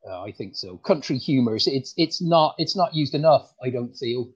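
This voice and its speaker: A man's voice: medium pitch, expressive, moderate pace, breathy edge. Guy doing a rural english farmer comic, bumbling and folksy, stammers a lot, muffled lo-fi audio. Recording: dull lo-fi sound.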